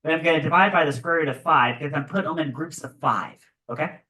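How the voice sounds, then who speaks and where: Animated male teacher lecturing from afar. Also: fairly high pitch, fast, recorded from a distance, poor audio. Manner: animated, keeps asking "right?". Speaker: physics teacher. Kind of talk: classroom lecture. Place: classroom.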